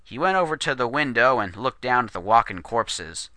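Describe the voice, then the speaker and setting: Bright-voiced male story narrator. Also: medium pitch, normal speed, dry recording. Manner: steady, descriptive storytelling. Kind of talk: scripted narration of a western horror story.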